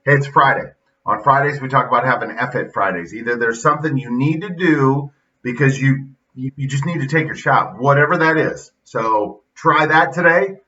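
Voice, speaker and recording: A middle-aged podcast host who also coaches youth football delivers a casual motivational monologue, blunt and folksy, retelling stories with quoted dialogue. His mid-range voice moves at normal speed with a bright, forceful tone. The recording is dull and lo-fi, with the mic distant and slightly off his mouth.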